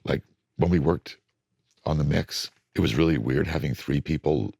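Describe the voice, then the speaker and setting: A middle-aged record producer being interviewed, telling blunt studio stories and acting out moments from sessions. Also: male voice, extremely low pitch, moderate pace, vocal fry, breathy edge, no echo. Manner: animated, blunt storytelling that acts out studio moments.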